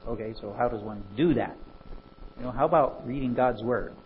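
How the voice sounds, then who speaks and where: A man preaching a sermon, animated and full of rhetorical questions. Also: mid-range voice, a little fast, narrow, tinny audio, a little hiss or hum.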